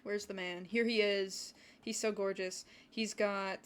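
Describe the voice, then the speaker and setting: A young woman streaming a game, chatting and rambling to her viewers with excited gasps. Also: medium pitch, moderate pace, creaky, few pauses. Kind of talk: casual livestream commentary.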